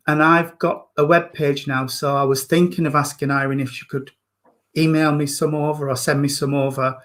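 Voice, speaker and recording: A man's voice: a little high, a bit bright. A man, a reverend and medium, hosting an online service with affectionate, chatty readings over a video call. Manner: affectionate, calls people darling and sweetheart.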